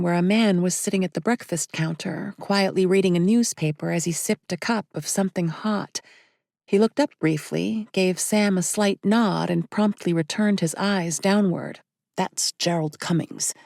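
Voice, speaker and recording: A woman narrating an audiobook thriller in a steady, measured way. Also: mid-range voice, gravelly, dry recording, studio quality. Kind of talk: scripted narration.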